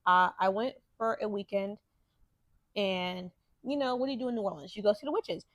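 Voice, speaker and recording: A woman's voice: mid-range voice, moderate pace, no echo. Young woman podcaster, dry close sound. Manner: candid, profane storytelling, grows heated when ranting. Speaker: podcast host. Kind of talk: casual monologue.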